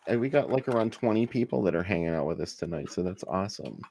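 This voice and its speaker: A man hosting a podcast, chatting in a relaxed way and enthusiastically recommending things. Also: low voice, fast, vocal fry. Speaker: podcast host. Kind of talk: casual chat.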